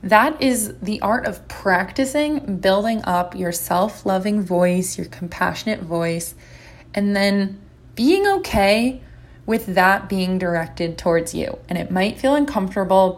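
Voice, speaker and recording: A woman giving a gentle, encouraging instructional talk as a recovery coach. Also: medium pitch, expressive, a little slow.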